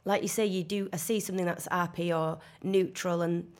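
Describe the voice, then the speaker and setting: A woman from Leeds with a Yorkshire accent, talking casually as a podcast guest, full of "like" fillers and quick restarts. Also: lowish voice, fairly even intonation, darkish tone. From Leeds, England. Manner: chatty, frequent "like" fillers and restarts. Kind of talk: casual conversation.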